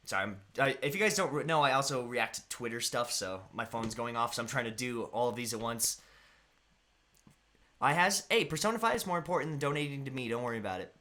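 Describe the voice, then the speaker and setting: A man's voice: medium pitch, animated, fast, pushed and bright. A young man hosting a live stream, chatting casually and greeting viewers by name in a rambling way. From United States.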